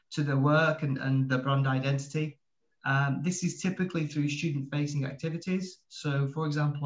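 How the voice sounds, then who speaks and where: Fairly high-voiced businesslike man. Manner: fluent, businesslike, occasional "um". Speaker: university partnerships director. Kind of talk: panel guest introduction. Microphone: video call. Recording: echoey, dull lo-fi call audio.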